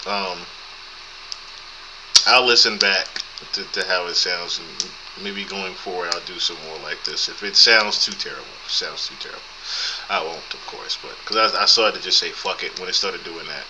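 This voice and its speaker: Deep-voiced man on a noisy camera mic. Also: normal speed. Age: 30s. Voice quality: thin voice. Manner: laid-back, profane, chuckling. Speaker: podcast host. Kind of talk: casual live-stream chat. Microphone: built-in camera mic.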